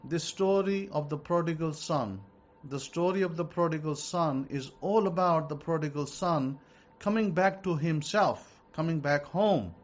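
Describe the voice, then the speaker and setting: A man's voice: a little high, measured pace, highs cut off. A man teaching as a rabbi in an emphatic sermon, hammering home his points by repeating them. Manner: emphatic, repeats key statements.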